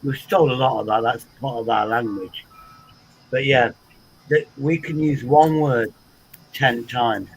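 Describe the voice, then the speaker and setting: A man with an English accent hosting a casual livestream chat, animated and swearing freely with frequent repeats. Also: mid-range voice, unhurried, long pauses, a little hiss or hum, low-quality recording. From England. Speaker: livestream host.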